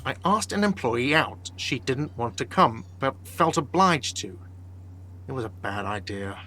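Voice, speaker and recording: A man's voice: medium pitch, animated, unhurried, pushed and bright. A man voicing an irritable cafeteria manager in a video game, curt and impatient.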